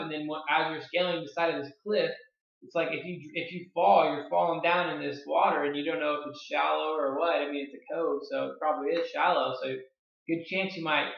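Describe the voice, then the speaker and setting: Excitable young man telling a story. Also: on the high side, brisk, gravelly. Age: 20s. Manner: excitable, filler-heavy, lots of "like". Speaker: online marketing vlogger. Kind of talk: casual storytelling to camera. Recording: roomy, dull lo-fi sound.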